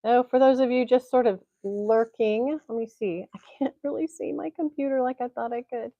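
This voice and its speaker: Here a woman from Tennessee, USA, rambles through a casual chat on her home livestream, frequently breaking into laughter. Her voice sits on the high side and moves at a moderate pace. It's a dry recording from a computer mic with phone-quality sound.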